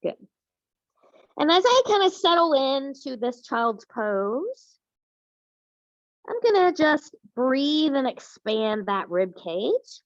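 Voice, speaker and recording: Gentle woman yoga teacher, fairly high. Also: very animated, dull audio. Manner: gentle, unhurried cueing with casual fillers. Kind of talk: guided yoga class instruction.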